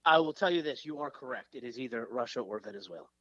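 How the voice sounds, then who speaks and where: A man co-hosting a trivia podcast who asks the questions, talking in a rambling way with halting restarts. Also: medium pitch, lively intonation, a bit bright, dry recording. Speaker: podcast co-host, quizmaster. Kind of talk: casual trivia chat. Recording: dull lo-fi sound.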